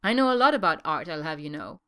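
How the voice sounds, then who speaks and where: Wry gentle man, soft-spoken, fond and exasperated, woman voicing him, smooth clear lowish tone. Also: expressive, fast talker.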